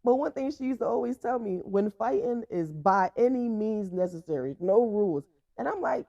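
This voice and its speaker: Animated, profane woman telling stories. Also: on the high side, normal speed, creaky, hardly any pauses, no room sound. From Franklin, Virginia, USA. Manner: blunt, profane, laughing often. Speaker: podcast host. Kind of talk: casual storytime monologue. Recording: dull, dry lo-fi sound.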